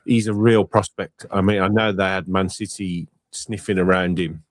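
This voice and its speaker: Middle-aged English phone-in host, teasing and chatty, dry close mic. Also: male voice, sits low, steady tone, normal speed, no echo. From England. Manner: chatty, teasing, repeats words. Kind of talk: casual radio phone-in chat.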